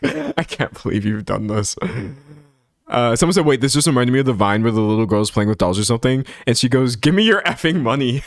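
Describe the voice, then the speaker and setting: A man's voice: mid-range voice, no room sound, clean studio sound. A man hosting a livestream in a casual rant, laughing often and rambling with restarts, talking into a streaming microphone at a home setup. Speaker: livestream host.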